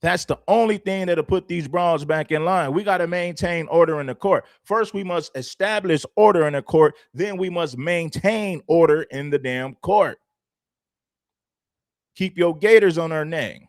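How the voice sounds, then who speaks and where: A man's voice: on the high side, moderate pace, hardly any pauses, dry recording, studio quality. Blunt, preachy man talking to his stream. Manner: blunt, preachy, repeats phrases for emphasis. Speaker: livestream host. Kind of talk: opinionated livestream commentary.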